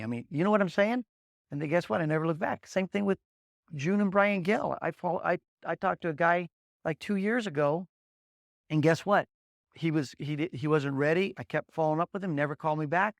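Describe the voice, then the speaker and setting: Man, high voice, motivational sales trainer, energetic storyteller, dry close sound. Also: fairly quick, creaky, dry recording. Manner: energetic storyteller, drills points with repeated "guess what" and "okay?"; blunt, punchy coaching delivery. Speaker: agency leader training new agents.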